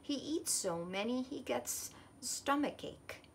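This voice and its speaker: A woman's voice: sits high, lively intonation, slow pace, vocal fry, a little hiss or hum, voice pushed up, full character voice. A woman voicing chatty, teasing gooseberry girls in a storybook reading.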